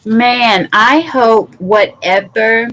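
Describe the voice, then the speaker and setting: Woman chatting slowly, relaxed and conversational. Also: on the high side, poor audio. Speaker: co-host. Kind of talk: casual chat about a news case.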